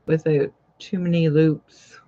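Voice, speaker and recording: Slow chatty woman sewing host. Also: sits low, level tone, warm tone. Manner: chatty, rambling, greets viewers by name. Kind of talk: casual live-stream chat while sewing. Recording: dull lo-fi live-stream audio.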